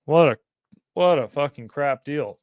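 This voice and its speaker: A man's voice: on the high side, a little slow, no echo, muffled recording. Blunt, profane man hosting a livestream. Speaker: livestream host. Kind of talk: casual livestream chat.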